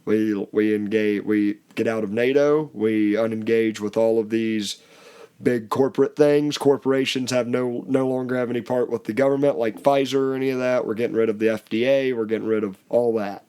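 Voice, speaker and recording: A man's voice: on the low side, steady tone, normal speed, mellow, smooth. Laughing casual male podcast host. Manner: loose, laughing, mock-voices quotes. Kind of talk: casual political chat.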